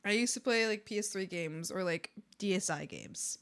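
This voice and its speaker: A woman's voice: mid-range voice, normal speed, fairly bright tone, clear, resonant tone. A young woman streaming live, chatting casually and giggling often as she talks to her viewers and to the animals on screen.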